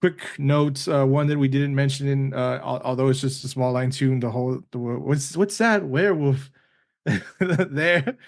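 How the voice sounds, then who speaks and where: A man co-hosting a casual podcast, speaking haltingly with restarts and laughing along. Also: mid-range voice, vocal fry, a little mellow. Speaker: podcast co-host.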